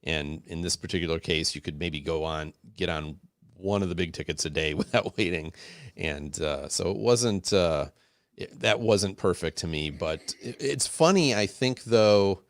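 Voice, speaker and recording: A man with a very low, deep voice, talking casually as a podcast co-host. He rambles enthusiastically and restarts his sentences often, recorded dry and close. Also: normal speed, no room sound.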